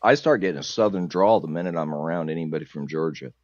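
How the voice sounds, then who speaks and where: A man in a casual chat, chiming in with quick wisecracks. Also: extremely low pitch, no room sound, highs cut off.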